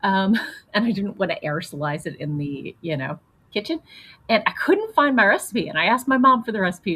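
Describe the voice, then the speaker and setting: A woman hosting a relaxed stream, telling stories in a chatty way and acting out what others said. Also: medium pitch, moderate pace, a little hiss or hum. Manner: chatty storyteller, animated quoting. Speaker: stream host. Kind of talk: casual chat.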